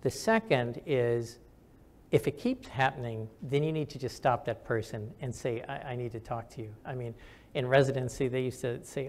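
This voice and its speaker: A man's voice: medium pitch, expressive, moderate pace. An older man, a retired general and physician, answering audience questions with candid stories and frequent fillers.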